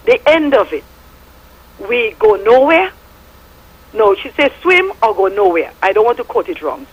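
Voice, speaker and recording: Middle-aged Statian Caribbean woman caller, husky, fervent and preachy, lively pitch. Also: normal speed, rough recording. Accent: Statian Caribbean English. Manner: fervent, preachy storytelling with biblical references. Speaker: radio caller. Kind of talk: impassioned call-in testimony.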